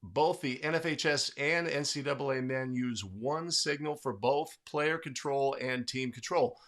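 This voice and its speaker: Upbeat bright-voiced man hosting a livestream. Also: mid-range voice, measured pace. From California. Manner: upbeat, greets chat viewers by name. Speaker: livestream host. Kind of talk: casual livestream chat.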